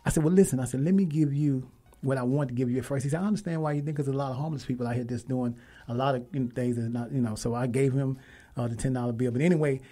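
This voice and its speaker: A man hosting a radio talk show, telling a story with lively, emphatic quoted dialogue. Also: mid-range voice, very fast. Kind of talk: casual storytelling and interview.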